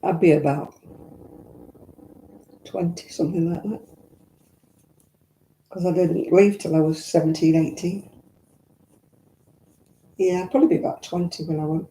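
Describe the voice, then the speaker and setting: A woman's voice: lowish voice, fairly even intonation, measured pace, long pauses, mellow. An older woman with a Northern English accent, chatting casually and reminiscing while answering viewer comments, with blunt asides. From Northern England. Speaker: vlogger host. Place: indoors at home. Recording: echoey room.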